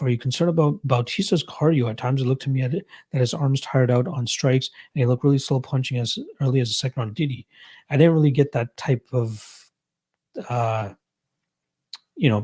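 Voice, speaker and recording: A man's voice: mid-range voice, darkish tone. A young Canadian man hosting a casual live stream, reading chat and answering betting questions in a laid-back, chuckling way.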